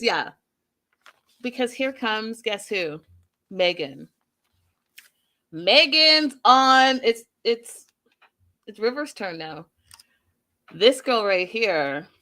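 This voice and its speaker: Chatty woman recapping TV, bright voice. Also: medium pitch. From Canada. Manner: chatty, addresses viewers directly. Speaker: host. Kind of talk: casual TV recap.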